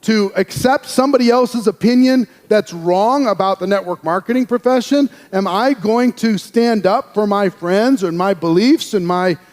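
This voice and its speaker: A man telling a personal story in a lively speaking style, acting out the voices of the people in it. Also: sits high, moderate pace, few pauses, long reverb tail. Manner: animated, acts out quoted voices. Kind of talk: storytelling speech.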